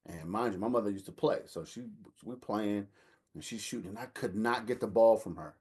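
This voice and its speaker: A man, telling a lively family story in casual chat and acting out the voices of the people in it. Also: lowish voice, brisk, slightly rough. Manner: animated storyteller, acts out quotes, laughs while telling. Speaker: older brother telling a story.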